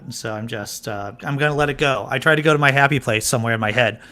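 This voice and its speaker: A man's voice: medium pitch, fast talker, hardly any pauses, bright, forceful tone, clean tone. A man from Boston co-hosting a casual livestream chat, talking in a wry, emphatic, teasing way. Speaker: co-host.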